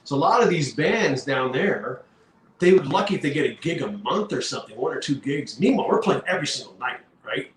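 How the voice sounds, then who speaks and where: A middle-aged man from Canada, a rock musician telling animated road stories in a casual interview, with lots of fillers. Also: fairly high pitch, a little fast, far from the mic. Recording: roomy echo with faint background hum.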